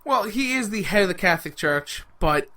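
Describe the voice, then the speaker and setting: A man's voice: high-pitched, animated, normal speed, sharp tone. A young adult man co-hosting a political podcast, wisecracking and laughing often. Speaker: podcast co-host. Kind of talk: casual political banter.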